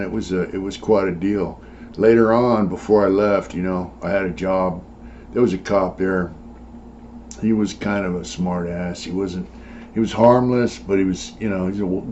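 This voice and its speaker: A man's voice: low voice, darkish tone. An older man telling his own story casually, blunt and profane, rambling with many fillers. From California. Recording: dull lo-fi sound with faint noise.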